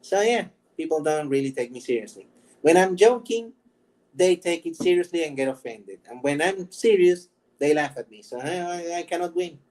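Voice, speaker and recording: A man's voice: fairly high pitch, lively intonation, moderate pace, a little mellow, low-quality recording. A man hosting his own channel, chatting casually, rambling, laughing often and joking about himself. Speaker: vlog host. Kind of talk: casual chat.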